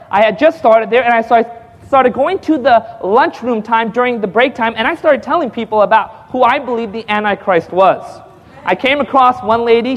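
A man giving his testimony to a congregation as an evangelist. He tells the story lively, acts out the dialogue with frequent chuckles, and calls out to the audience for responses. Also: sits high, big-room sound.

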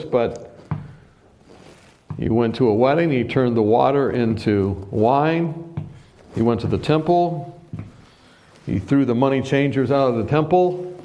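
A male preacher giving a sermon, telling a personal story with lively acted-out quotes and frequent laughs. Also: mid-range voice, muffled recording. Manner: animated storyteller, acts out quotes, laughs often.

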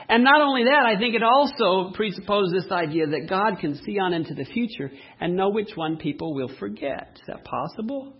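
A man preaching a sermon, asking the congregation questions and telling lively everyday stories. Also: high voice, fairly quick, hardly any pauses, breathy edge, muffled recording. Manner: asks the audience rhetorical questions, animated storytelling. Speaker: pastor.

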